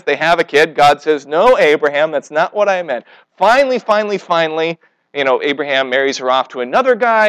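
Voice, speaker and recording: Animated male preacher, lively pitch. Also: dry recording, low-quality recording. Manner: animated storytelling, acting out quotes with voices; asks the congregation questions. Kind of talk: sermon.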